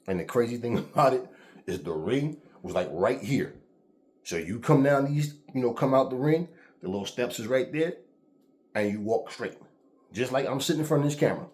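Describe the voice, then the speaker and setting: A man's voice: mid-range voice, darkish tone. A man, a boxing trainer, telling a story to camera in a casual, profane, emphatic way. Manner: profane, emphatic, and acts out the scenes he describes. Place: indoors, seated in front of a camera.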